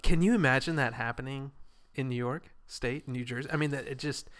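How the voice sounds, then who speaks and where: Smooth-voiced man co-hosting a podcast. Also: medium pitch, a little fast, fairly bright tone. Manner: chatty, lots of fillers, storytelling. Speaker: podcast co-host. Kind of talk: casual chat, reading news rundown.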